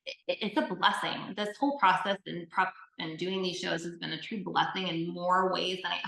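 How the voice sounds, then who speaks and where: A woman's voice: on the low side, normal speed, creaky, bright, forceful tone. A woman speaking as an interview guest and bodybuilding competitor. She tells her story in a casual, earnest and heartfelt way, with many fillers. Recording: echoey room.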